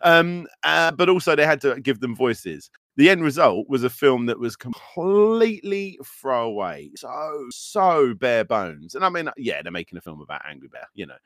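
A man's voice: mid-range voice, big pitch swings, normal speed, few pauses, a bit bright, no room sound, studio quality. A man in his thirties, a podcast host ranting animatedly in casual chat, with many fillers.

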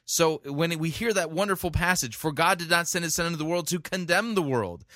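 A man commenting on a sermon recording in a conversational, animated way, often restarting his sentences. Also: a little high, brisk, no room sound, clean studio sound. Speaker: sermon reviewer.

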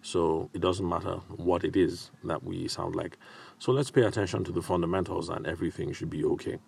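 A man hosting a solo advice podcast, talking in a measured way with frequent filler pauses. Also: deep voice, fairly even intonation, gravelly, darkish tone, slightly rough. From Nigeria. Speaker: podcast host.

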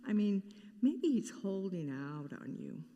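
A woman's voice: mid-range voice, sing-song, unhurried, dark tone, big-room sound, dull audio. A woman pastor preaching a sermon in an earnest way, now and then acting out the voices she quotes.

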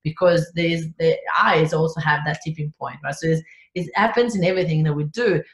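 A woman with an Italian accent, a business coach telling stories in a podcast interview, animated and laughing often. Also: low voice, brisk, echoey room. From Italy.

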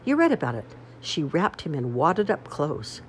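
A woman's voice: deep voice, very animated, brisk, darkish tone, a little hiss or hum. A woman voicing a blunt, scornful know-it-all boy in a storybook reading. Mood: puzzled.

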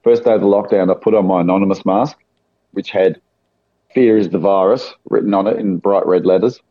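A man from South Australia chats casually, rambling through anecdotes and acting out the people in them. His voice is deep and a little fast, and the recording has no echo but sounds dull and lo-fi.

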